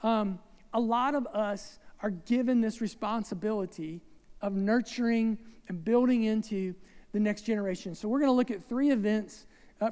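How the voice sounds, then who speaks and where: A man's voice: high-pitched, a little mellow, clear, resonant tone. A man preaching a sermon in a conversational way, with asides and rhetorical questions to the congregation. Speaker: pastor. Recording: long reverb of a large hall.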